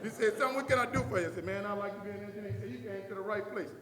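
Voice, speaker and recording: A man's voice: high-pitched, rapid-fire, a crowd in the background. A middle-aged man giving an inspirational keynote speech, telling a story and acting out the dialogue with a preaching cadence. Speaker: motivational speaker. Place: large hall before a live audience. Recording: echoey hall from far off.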